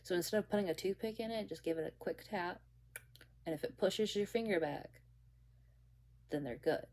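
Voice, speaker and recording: Casting note: young woman with a low voice, casual storyteller, halting and rambly. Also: darkish tone. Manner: rambling, halting, many restarts and fillers. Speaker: bakery worker telling a story.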